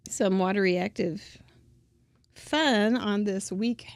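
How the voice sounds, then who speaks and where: A woman's voice: mid-range voice, slow pace, dry recording. A woman giving a chatty, casual crafting tutorial, drifting into asides and laughing often. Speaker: crafting instructor.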